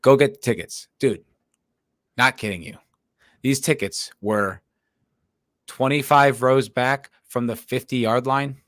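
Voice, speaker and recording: A man of middle pitch tells a story on a casual podcast, laughing and swearing as he goes. His voice sits in a dry, close-miked room. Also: slow, pauses often, dry recording. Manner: animated storyteller, swears often, laughs through his telling. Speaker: podcast co-host.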